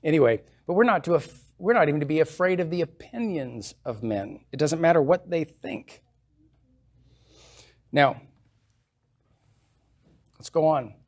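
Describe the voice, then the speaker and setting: A man's voice: on the high side, animated, a little slow, pauses often, a little mellow. Preaching man, emphatic scripture reading. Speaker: pastor. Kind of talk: sermon. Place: church.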